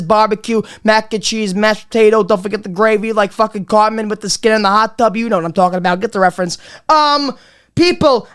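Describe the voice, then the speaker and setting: A woman's voice: a little high, smooth. A woman hosting a comedy podcast, talking in a rambling, profane, casual rant full of fillers.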